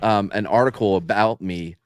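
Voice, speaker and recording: A man's voice: fairly low pitch, normal speed, dry recording, clean studio sound. A man co-hosting a podcast, joking at his own expense with frequent swearing in casual chat. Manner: profane, self-mocking banter. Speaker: podcast co-host.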